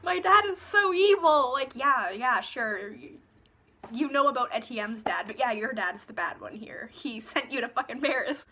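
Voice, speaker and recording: A woman's voice: on the high side, normal speed, bright, forceful tone, husky. A young woman reviewing books in a casual, sarcastic rant, swearing freely, recorded on her phone. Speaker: book reviewer.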